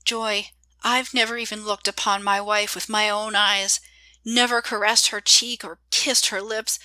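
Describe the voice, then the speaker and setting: A woman's voice: a little high, pushed and bright, dry recording, poor audio. A woman reading an earnest young man, pleading. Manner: pleading, heartfelt. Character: earnest young man yearning for real life.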